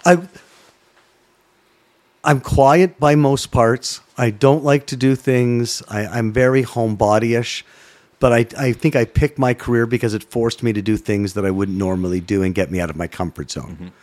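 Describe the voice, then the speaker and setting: A middle-aged man from Canada, a former sports broadcaster, telling a story in a casual chat, animated and swearing freely. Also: medium pitch, moderate pace. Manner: animated, swearing, acts out voices in his stories.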